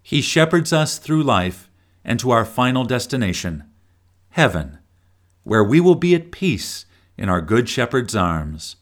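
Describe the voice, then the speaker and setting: A middle-aged man reads a daily devotional aloud at an unhurried, measured pace. His voice swings widely in pitch, rising and falling with feeling. The reading is earnest and carefully scripted. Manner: slow, earnest reading with expressive rises and falls. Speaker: devotional speaker.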